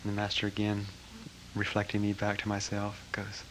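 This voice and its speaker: An older man with a low-set voice recounts a personal story to a gathering. He speaks reflectively and a little haltingly, pausing and restarting as he remembers, with a faint hum of the room behind him. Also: poor audio. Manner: reflective, halting, with lively acted-out quotes. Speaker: speaker recounting a spiritual teacher.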